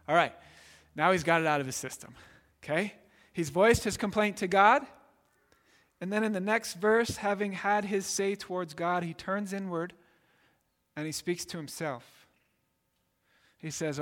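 A man's voice: high-pitched, a little slow, pauses often, a bit bright. A man preaching a sermon earnestly, often checking in with "right?" and repeating words as he explains. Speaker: pastor. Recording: long reverb in a large hall.

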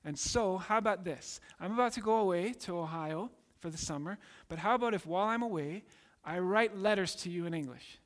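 Guy preaching, emphatic, kinda high voice, big hall echo. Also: a little fast, few pauses. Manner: emphatic, acts out voices in quotes. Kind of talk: sermon. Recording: long hall reverb.

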